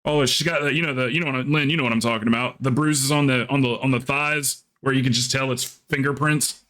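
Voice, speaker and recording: A young man talks casually to his stream, rambling from one detail to the next and slipping into quick voices for the people in his story. His tone is bright and forceful and sits at an everyday pitch. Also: steady tone. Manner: rambling storyteller acting out quotes. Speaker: livestreamer.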